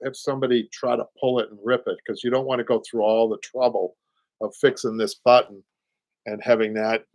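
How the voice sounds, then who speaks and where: A man in his sixties with a Boston accent, hosting a live upholstery show. He talks in a chatty, halting way, restarts often and laughs a lot. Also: mid-range voice, flat delivery, a little mellow, dry recording, poor audio. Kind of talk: live-stream talk and teaching.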